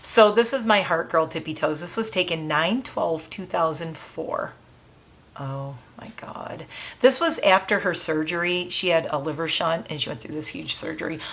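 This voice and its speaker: A woman vlogging casually as she packs her puppy's travel bag, talking in a chatty and openly emotional way with warm, sentimental asides. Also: on the low side, normal speed, creaky, hardly any pauses. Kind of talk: casual chat.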